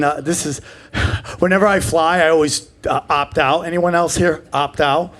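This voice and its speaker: A man in his forties doing live stand-up comedy, brash and profane, bursting into shouted voices. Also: sits high. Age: 40s. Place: comedy stage before a laughing audience.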